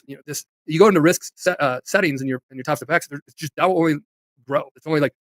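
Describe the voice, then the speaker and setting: A man's voice: fairly high pitch, fast talker, a bit bright, no room sound. A man speaking as a company executive on a live talk stream, rambling with restarts and asides. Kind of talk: casual talk-show chat.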